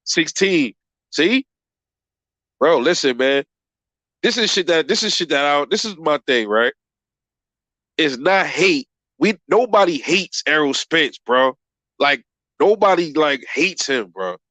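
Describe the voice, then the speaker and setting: A man's voice: on the high side, lively intonation, sharp tone, dry recording. A man hosting a boxing channel livestream, reading viewer comments in a profane, rambling way and calling everyone bro. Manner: profane, rambling, quick to laugh.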